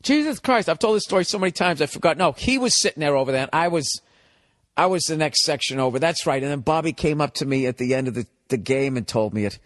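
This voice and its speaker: Male comic podcast host, fairly high voice, loose and profane monologue, keeps interrupting himself and playing the other people. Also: quick pace, a bit bright. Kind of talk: rambling comic storytelling monologue.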